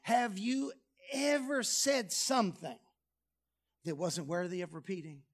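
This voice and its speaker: A man preaching a sermon, lively and humorous, dropping low and soft on key phrases. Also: measured pace. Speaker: pastor. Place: church sanctuary.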